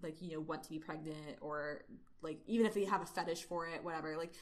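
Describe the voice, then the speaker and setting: A woman's voice: low voice, fairly even intonation, quick pace. A young woman co-hosting a casual chat, reading fan fiction narration aloud and talking in a loose, filler-heavy way. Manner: chatty, many fillers, laughs easily. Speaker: podcast co-host.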